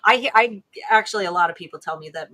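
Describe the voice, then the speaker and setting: A woman with an Ohio accent chats loosely on a livestream, circling back and restarting as she goes. Her voice is bright and forward. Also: mid-range voice, fast. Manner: chatty, rambling with restarts. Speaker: co-host. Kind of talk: casual livestream chat.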